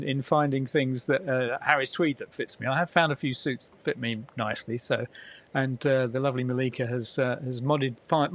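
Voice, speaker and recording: A man hosting a casual interview, chatty and rambling with plenty of fillers. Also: mid-range voice. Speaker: interviewer, host. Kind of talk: casual video-call interview.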